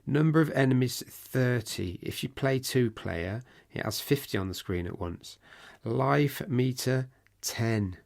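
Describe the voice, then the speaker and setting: A man co-hosting a casual podcast, chatty and rambling, his voice going hoarse. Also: mid-range voice, expressive, measured pace, few pauses, a little mellow. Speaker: podcast co-host.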